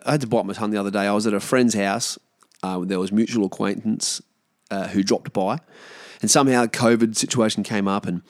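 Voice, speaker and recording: A man's voice: medium pitch, gravelly, no room sound, clean studio sound. An Australian man hosting a solo podcast, ranting in a blunt, sweary, frustrated way. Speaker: podcast host.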